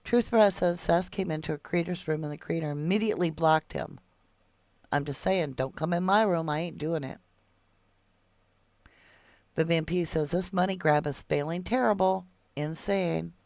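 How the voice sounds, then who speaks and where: A woman's voice: fairly low pitch, moderate pace, darkish tone, dry recording. A middle-aged woman hosts a true crime livestream, reading viewer comments and calling them love and sweetheart.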